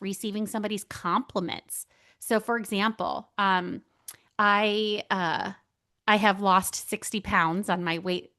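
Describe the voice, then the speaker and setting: A woman's voice: mid-range voice, a bit bright. Earnest woman podcaster, casual and chatty. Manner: earnest, casual, filler-heavy with many likes. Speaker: podcast host. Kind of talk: reflective solo monologue.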